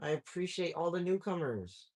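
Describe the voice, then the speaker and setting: A young man chatting casually on his livestream while he draws, reading viewers' comments aloud and joking around, his voice swinging from loud to mumbled. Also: on the high side, sing-song, moderate pace. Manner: reads chat aloud, jokey, drifts loud to mumbling. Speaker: livestreaming artist.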